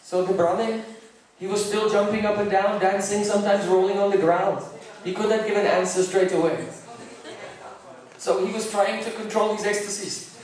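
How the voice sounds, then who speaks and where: A man telling a sacred story in a sermon, with deliberate, vivid delivery and sometimes breaking into song. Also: sits high, steady tone, darkish tone. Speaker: preacher. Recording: very echoey room, mic far off.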